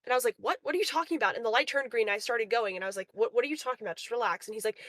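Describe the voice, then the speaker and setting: A young woman calling into a livestream, telling an animated story and acting out the people in it. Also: on the high side, racing, few pauses, no room sound. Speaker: caller. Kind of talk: casual chat. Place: remote call into a livestream. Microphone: call audio.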